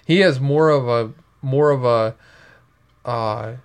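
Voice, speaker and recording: A man's voice: medium pitch, slow pace, clear, resonant tone. Young guy on a podcast, earnest and thoughtful, just chatting. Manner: earnest, reflective. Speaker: podcast co-host. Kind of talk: casual chat.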